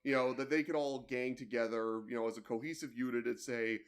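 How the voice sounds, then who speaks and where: A man's voice: medium pitch, steady tone, brisk, clean tone. A young man co-hosting a podcast, telling a work story in a rambling way, full of "you know" and "like". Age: young adult. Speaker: podcast co-host. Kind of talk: casual chat, telling work stories.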